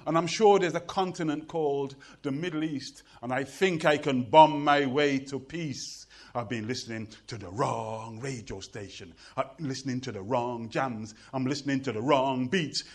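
A middle-aged British man performing poetry to a live audience, with a rhythmic chanting delivery and playful banter with the crowd. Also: sits high. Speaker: performance poet.

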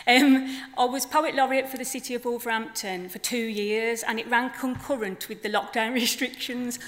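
A woman's voice: a little high, steady tone, moderate pace, a bit bright. A woman poet with a Black Country accent, chatting easily between poems. Her tone is self-deprecating and down to earth. The sound rings with a long hall reverb. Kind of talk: live poetry reading with chat. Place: festival venue.

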